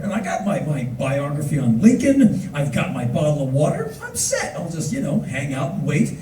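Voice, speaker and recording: An American man in his fifties telling a story on stage with an animated, wry, punchy delivery. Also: on the high side, slight background noise. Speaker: spoken word performer. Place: concert venue on stage. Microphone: recorded from the audience. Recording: echoey distant audience recording.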